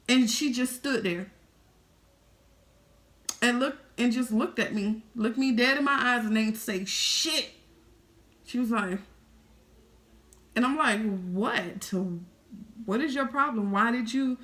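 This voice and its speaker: Woman in her thirties, vlogging. Bright, fairly high voice; animated, profane, talks straight to camera. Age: 30s. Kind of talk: casual storytelling to viewers.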